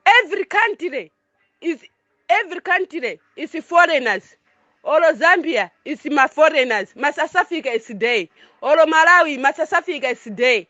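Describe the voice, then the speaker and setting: Speaking a little slowly in broken English, a foreign resident gives a passionate monologue and hammers points home by repeating them. Expect a high, sharp, expressive voice on a dry, dull, lo-fi recording.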